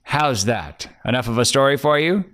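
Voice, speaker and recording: A man voicing a gruff, suspicious middle-aged pawnbroker who growls out blunt answers. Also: medium pitch, lively intonation, normal speed, fairly bright tone, pitched above the performer's own voice, natural voice. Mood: lecturing.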